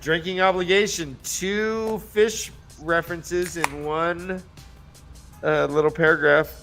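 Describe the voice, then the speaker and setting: A man's voice: fairly high pitch, steady tone, takes it slowly, a bit bright, faint music behind. A man hosting a casual book discussion podcast, loosely recapping chapters with asides and some swearing. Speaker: podcast host.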